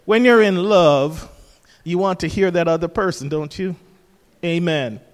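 A man delivers a sermon in a high, emphatic voice, repeating his key phrases and asking the listeners rhetorical questions. His voice rings out with a long hall reverb. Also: measured pace. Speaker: preacher.

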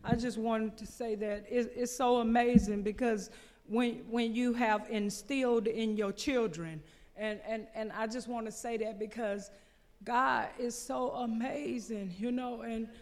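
A woman from the congregation giving an emotional, halting testimony in church. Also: on the high side, fairly even intonation, a little mellow, in a large hall.

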